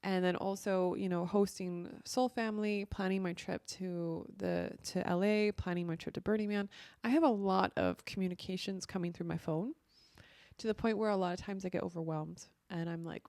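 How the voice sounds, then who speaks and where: A woman's voice: medium pitch, fairly even intonation, normal speed, darkish tone, no room sound, studio quality. A young adult woman talking casually about her life, a spiritual coach who fills her talk with "like" and "you know.". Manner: chatty, heavy use of "like" and "you know". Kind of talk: casual monologue.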